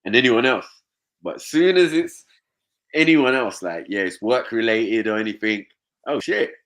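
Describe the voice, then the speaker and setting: A man's voice: fairly low pitch, moderate pace, a bit bright. A young man of Nigerian background, chatting loosely, swearing freely and slipping into mimicked voices. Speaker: panel host. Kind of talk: casual chat.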